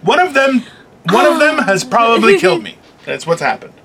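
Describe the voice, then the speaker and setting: A man's voice: very high voice, big pitch swings, normal speed, crowd noise. A young man co-hosting a podcast, teasing and playfully dramatic in casual banter. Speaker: podcast co-host.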